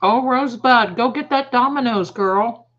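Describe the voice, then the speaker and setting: A woman's voice: a little high, normal speed, a bit bright. A woman hosting a casual livestream, chatting and greeting viewers by name. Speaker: psychic livestream host. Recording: dull lo-fi stream audio.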